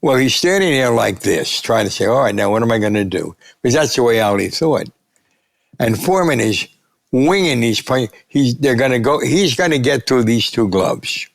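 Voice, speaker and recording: Older male storyteller, gravelly, lively anecdotes with acted-out quotes. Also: mid-range voice, moderate pace, no room sound, studio quality. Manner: animated anecdotes, acting out quotes. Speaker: sportswriter guest. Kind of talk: storytelling interview.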